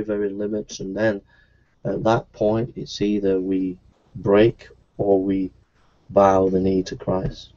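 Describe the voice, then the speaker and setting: A man delivers an evangelistic sermon in a pleading, repetitive way, his voice now and then rising high. His tone is dark and mellow. The recording sounds dull and lo-fi. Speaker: preacher.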